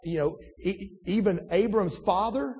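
A man's voice: sits high, a little slow, a little mellow, slightly rough, dull audio. A man preaching a sermon in a loose, conversational way, reading scripture and then talking it over with many restarts and asides. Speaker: pastor. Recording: distant in a reverberant hall.

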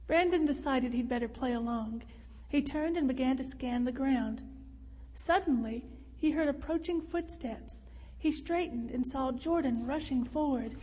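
A woman narrating a story in a measured, expressive reading. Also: high voice, breathy edge. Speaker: audiobook narrator. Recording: reverberant room.

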